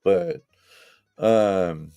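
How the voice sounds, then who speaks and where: Socal guy rambling on his live show, gravelly voice, faint music behind. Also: on the low side, sing-song, drawn-out words, dark tone, no room sound. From Southern California. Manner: rambling, laid-back, talks straight to viewers. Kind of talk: casual live-stream chat.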